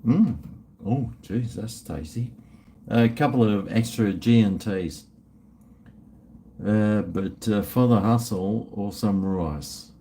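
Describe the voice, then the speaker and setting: Slow rambling middle-aged man. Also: lowish voice, dark tone, a little hiss or hum. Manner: rambling, mumbling, trails off, swears often. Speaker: livestream host. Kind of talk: casual livestream chat reading super chats.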